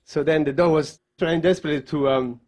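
A man's voice: fairly high pitch, fairly even intonation, a little fast, darkish tone. A man telling a story in a jovial, laughing way.

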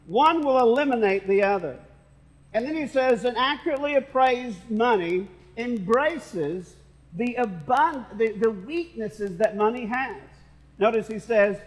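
A man's voice: high voice, fairly bright tone, big-room sound, poor audio. A male pastor preaching a sermon, with playful asides to the congregation. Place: church sanctuary.

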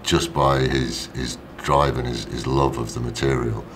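A man, an actor, answering interview questions, halting and often repeating words as he thinks aloud. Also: extremely low pitch, fairly even intonation, noisy background. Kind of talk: press junket interview.

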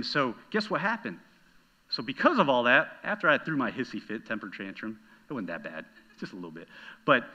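Bright-voiced animated male pastor. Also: mid-range voice, highs cut off. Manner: animated storytelling, talking straight to the congregation. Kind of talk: sermon.

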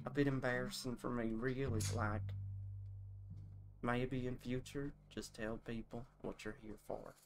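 Wendy: a man playing a cheerful country shop clerk, woman, obsessed with store policy, mid pitch, put-on twang. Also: fairly even intonation, unhurried, slight background noise, lightly acted. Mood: mildly put out. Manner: put-on country twang, formal customer-service phrasing. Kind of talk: voicing game dialogue aloud on a stream.

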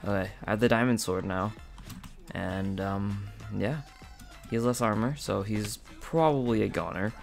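A man giving casual, excitable gameplay commentary, talking directly to his viewers with frequent outbursts. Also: fairly low pitch, moderate pace, vocal fry, faint music behind. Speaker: gaming channel host.

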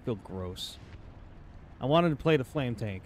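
A man's voice: medium pitch, animated, a little slow, darkish tone, a little hiss or hum. Playful man joking through gameplay. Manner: jokey, talks to enemy tanks in silly put-on voices. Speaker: gaming channel host. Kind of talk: casual gameplay commentary.

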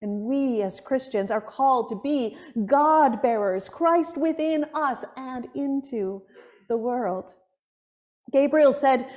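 A high-voiced woman with a Buffalo, New York accent gives a sermon in a somewhat hard, nasal tone. She tells stories in an animated way and laughs often as she preaches. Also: takes it slowly.

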